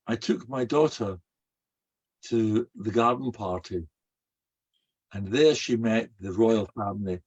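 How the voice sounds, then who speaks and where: An older man, a rabbi giving a storytelling sermon in an animated way. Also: fairly low pitch, slow, pauses often, husky, dull audio. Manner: animated, acts out quoted voices.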